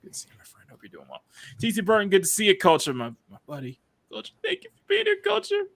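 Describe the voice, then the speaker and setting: Bright, animated man hosting a stream. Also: high voice, fast talker, creaky. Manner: giggly, excitable, greets chat by name. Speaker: streamer host. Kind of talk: casual live-stream chat.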